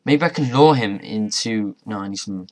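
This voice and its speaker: Playing a modded game, a young man talks chattily and mutters to himself with occasional mild swearing. His voice is fairly low, animated, and a little mellow at a moderate pace, with faint clicking of keys and mouse behind him.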